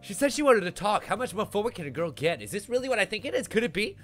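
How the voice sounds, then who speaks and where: A man voicing an eager, nervous teenage schoolboy who gushes excitedly, reading game dialogue aloud. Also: high-pitched, quick pace, faint music behind. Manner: excitable, breathless, gushing.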